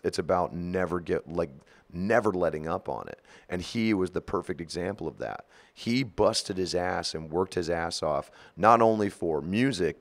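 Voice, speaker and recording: A man in his forties, the guest of an interview, telling stories in an animated, profane way with frequent laughter. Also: low-pitched. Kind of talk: storytelling interview.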